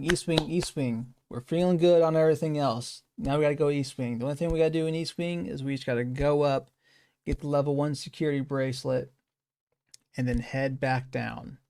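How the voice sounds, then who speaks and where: Casting: male streamer, gravelly voice, casual speedrun commentary, talks to himself, loops on phrases. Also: medium pitch, darkish tone, dry recording, clean studio sound. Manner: thinking aloud, repeating phrases, self-correcting.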